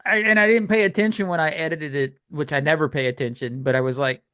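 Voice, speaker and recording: A man co-hosting a casual podcast chat, animated and quick to laugh, tripping over his words now and then. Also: fairly high pitch, clear, resonant tone, no room sound, clean studio sound. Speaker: podcast co-host.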